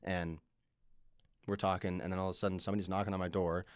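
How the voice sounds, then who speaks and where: Male podcast co-host, quick and animated with salty language, dry studio sound. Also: sits low, smooth, no room sound. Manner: animated, profanity-laced anecdote telling. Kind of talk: casual storytelling chat.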